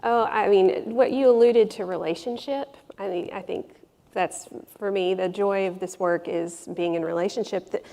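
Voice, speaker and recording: A woman's voice: medium pitch, fairly even intonation, normal speed, vocal fry, warm tone. A woman on a discussion panel who speaks reflectively, with many fillers. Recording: reverberant hall.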